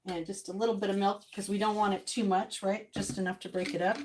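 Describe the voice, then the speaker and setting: A woman's voice: mid-range voice, flat delivery, fast talker. A woman vlogging casually to her viewers from her home kitchen and yard, chatting and talking to herself as she goes. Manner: chatty, talks to herself while cooking.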